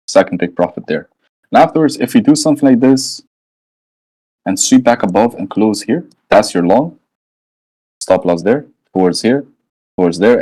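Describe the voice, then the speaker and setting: A man's voice: lowish voice, dark tone, low-quality recording. A man walking through trading charts live in a casual, slangy way, thinking aloud and often checking in with "right?". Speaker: trading educator.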